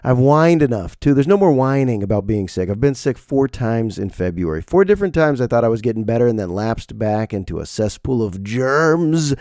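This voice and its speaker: A man hosting a podcast while sick, with his voice partly gone, doing a rambling comic monologue. His voice swings between high squeaks and low mutters. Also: big pitch swings, normal speed, hardly any pauses, darkish tone, no echo, clean studio sound. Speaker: podcast host.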